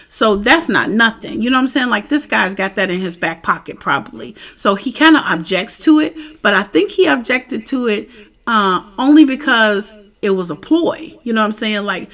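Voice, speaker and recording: Chatty woman recapping a TV episode. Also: a little high. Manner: chatty, animated, keeps asking "you know what I'm saying?". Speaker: TV show reviewer.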